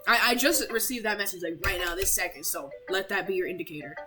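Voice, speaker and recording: A woman's voice: medium pitch, quick pace, music in the background, poor audio. A young woman casually commenting while streaming a game, rambling and apologetic, with lots of "like". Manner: chatty, rambling, heavy use of "like", apologetic.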